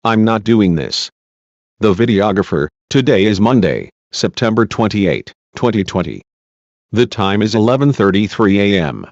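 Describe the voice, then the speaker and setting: A low-voiced man reading a court transcript aloud, plain and even. The sound is dull and lo-fi, dry and close. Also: moderate pace, dry recording. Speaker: channel host reading a transcript.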